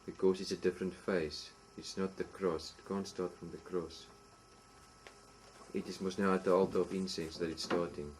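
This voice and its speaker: Low voiced guy in class asking the pastor a question, hesitant, bit of noise. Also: level tone. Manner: hesitant, halting with fillers. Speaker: student in the class.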